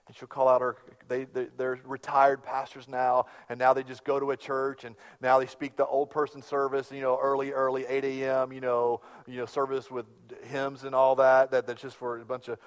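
A middle-aged man preaching a sermon as a pastor, telling stories with big swings from hushed to loud. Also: mid-range voice, completely flat delivery, moderate pace, few pauses, smooth. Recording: long hall reverb.

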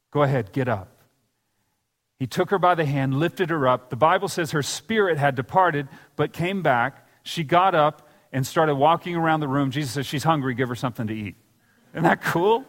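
A man's voice: mid-range voice, a bit bright, long reverb tail. A man preaching a sermon in a church, telling scripture stories and acting out the quoted lines. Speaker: pastor. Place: church sanctuary.

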